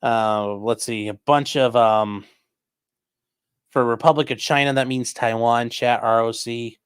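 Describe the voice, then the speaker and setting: A man's voice: mid-range voice, steady tone, a little slow, clean tone, no room sound, studio quality. A man hosting a livestream, reading viewer donations and giving casual commentary in a sarcastic, rambling way with casual swearing.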